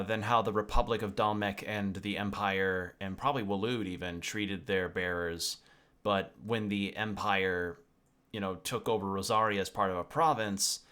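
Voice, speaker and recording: A man's voice: on the low side, bright, forceful tone. A young man streaming a game, rambling, joking and reading the game's text aloud with stumbles. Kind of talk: let's play commentary.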